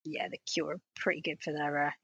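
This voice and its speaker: A woman's voice: low-pitched, level tone, quick pace, fairly bright tone, slightly rough, no echo. A woman co-hosting a podcast, talking in an easygoing, wry way about music. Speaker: podcast co-host. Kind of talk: casual chat about music.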